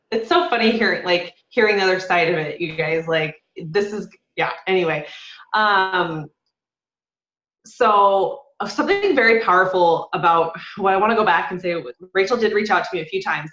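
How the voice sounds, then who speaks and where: A woman's voice: mid-range voice, a bit bright. A woman on a panel telling her side of a story in a casual, candid way. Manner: casual, candid, with many fillers. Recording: echoey, dull room recording.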